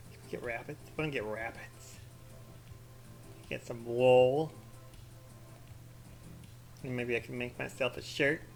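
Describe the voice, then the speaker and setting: A man's voice: medium pitch, fairly bright tone. A man giving rambling, profane let's-play commentary, full of crude jokes and sarcastic mock rants. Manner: mock-ranting with sarcastic asides. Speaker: gaming commentator.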